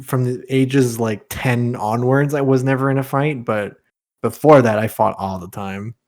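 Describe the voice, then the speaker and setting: A man's voice: medium pitch, measured pace, a little mellow. A young man co-hosting a casual podcast, chatty and loose, with lots of filler words and frequent laughter. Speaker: podcast co-host.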